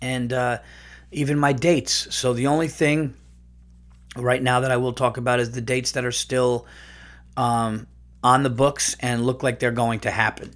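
A man's voice: mid-range voice, level tone, a little slow, fairly bright tone. A man hosting his podcast in a casual comedic monologue, ranting and swearing freely. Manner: profane, ranting. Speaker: podcast host.

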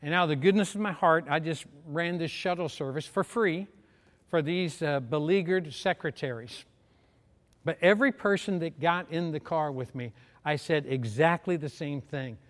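A man's voice: fairly high pitch, normal speed. A middle-aged man preaching, telling a story with humor and acting out the voices of the people in it. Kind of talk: sermon storytelling. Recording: long hall reverb.

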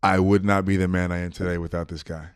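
A man in his thirties, a podcast guest, chatting casually and telling stories with lively quoted voices and frequent laughs. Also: low voice, fast, clear, resonant tone. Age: 30s. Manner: animated storyteller, laughs often, acts out quotes. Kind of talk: casual chat.

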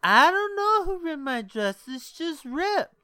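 A man's voice: very high-pitched, very animated, measured pace, pushed and bright, no echo, clean studio sound, pitched above the performer's own voice, exaggerated voice. A man voicing a drunk young woman in an elf costume who whines plaintively and repeats herself. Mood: whiny drunk.

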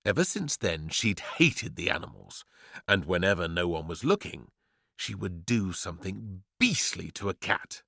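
A man reading a children's story with a playful, theatrical flair. His voice sits a little low but leaps around constantly. The sound is dry and close. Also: very animated, normal speed, gravelly, pushed and bright, no echo. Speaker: narrator.

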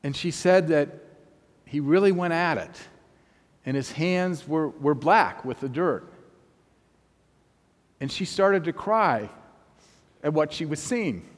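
A man preaching, telling a story in a measured, unhurried way with long pauses between phrases. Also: fairly high pitch, lively intonation. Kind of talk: sermon storytelling. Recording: long reverb of a large hall.

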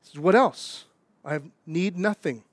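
Young man, pastor, chatty animated sermon style, higher voice, dry sound. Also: normal speed, no room sound. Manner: conversational, animated preaching with asides and acted quotes.

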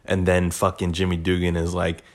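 A man's voice: deep voice, completely flat delivery, normal speed. A man hosting a podcast, rambling in a casual, profane, laid-back monologue. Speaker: podcast host.

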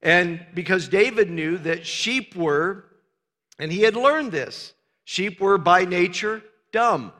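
A man's voice: high voice, animated, slow pace, sharp tone, big-room sound. A male pastor preaching a sermon with emphatic, repetitive phrasing and frequent fillers.

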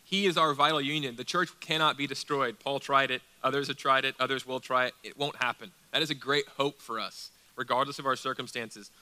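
A man delivers a sermon from the pulpit with a very bright, forceful voice. He presses rhetorical questions on his listeners and then drops to a hushed intensity. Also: medium pitch, steady tone, brisk, hardly any pauses. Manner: emphatic preaching with rhetorical questions, dropping to quiet intensity. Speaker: pastor.

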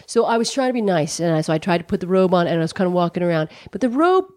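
A woman's voice: fairly low pitch, big pitch swings, racing, darkish tone, no room sound, studio quality. A middle-aged American woman telling a personal story, candid and profane, with lots of "like" and "you know". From United States. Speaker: comedian guest.

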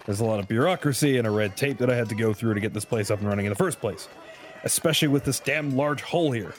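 Man playing a dry, grumbling tavern keeper, soft music under. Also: medium pitch, quick pace, natural voice. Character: fussy middle-aged tavern keeper man.

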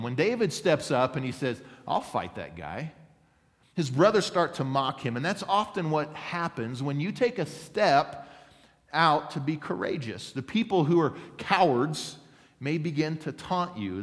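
A man, a pastor, preaching a sermon, telling stories and acting out quotes, and asking the congregation for an amen. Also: a little high. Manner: storytelling with acted quotes, asks for an amen. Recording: long hall reverb.

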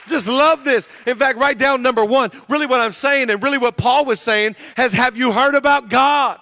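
Pastor guy preaching, really high bright voice, talks casual then gets loud, big echoey hall. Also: normal speed, few pauses, some chatter behind. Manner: conversational, builds to loud preaching. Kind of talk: sermon. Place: large church hall. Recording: long hall reverb.

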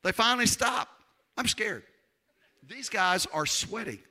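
A man preaching a sermon, telling his own story with lively, acted-out voices and loud peaks. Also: high voice, a little slow. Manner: animated storyteller, acts out voices, shouts at peaks. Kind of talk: testimony sermon.

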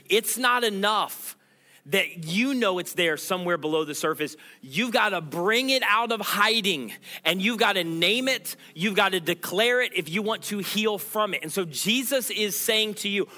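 A man's voice: high voice, pushed and bright. A man pastor preaching a sermon, earnest and pleading, building to emphatic declarations.

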